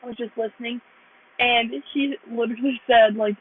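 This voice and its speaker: Through tinny, phone-like audio, a young woman from the United States tells her faith testimony on her vlog in an earnest, wandering way, leaning heavily on "like." She speaks at a moderate pace in a high, breathy voice with fairly even intonation.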